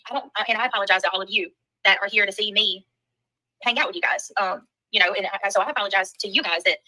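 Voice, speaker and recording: Speaking fast at a medium pitch with fairly even intonation, a Southern US woman hosting a livestream reads comments and greets viewers by name in casual chat. Her tone is bright and forceful, and the recording quality is low.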